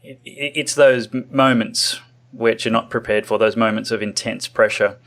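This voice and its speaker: A man hosting an interview, speaking haltingly with many restarts. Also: fairly low pitch, fairly even intonation, fairly bright tone. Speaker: interview host. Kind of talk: interview conversation.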